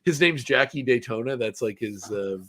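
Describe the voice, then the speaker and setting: A man's voice: mid-range voice, animated, normal speed, pushed and bright, slight background noise. Rambling man hosting a podcast. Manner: rambling, many fillers and restarts, laughs often. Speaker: podcast host. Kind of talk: casual chat recapping a cartoon episode.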